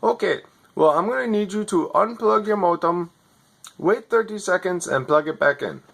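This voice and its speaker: A man's voice: sits high, animated, moderate pace, creaky, a bit bright, pitched above the performer's own voice, exaggerated voice. A man voicing a clueless male tech support agent who reads polite, repetitive lines from a script.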